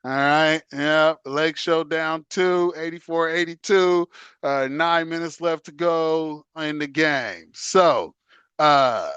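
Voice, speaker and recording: A man's voice: on the high side, takes it slowly, fairly bright tone, smooth, dry recording. A man hosting his own show, chatting loosely in slang, laughing often and chanting along with songs. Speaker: host. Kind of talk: casual solo chat.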